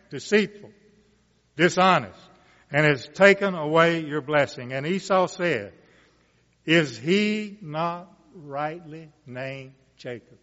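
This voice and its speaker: Slow, deliberate preacher reading scripture. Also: male voice, on the high side, fairly bright tone. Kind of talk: Bible reading with commentary. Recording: muffled sound with long reverb.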